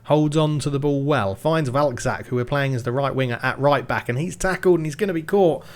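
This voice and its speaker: A young man giving lively commentary on his football management game, shouting when goals go in. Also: medium pitch, fairly quick. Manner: excitable play-by-play, shouts at goals. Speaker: gaming YouTuber.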